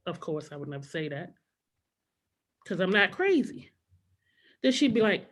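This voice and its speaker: A woman's voice: mid-range voice, sing-song, brisk, pauses often. A middle-aged woman performing a stand-up comedy set on a club stage, telling childhood stories and acting out her mother and her younger self.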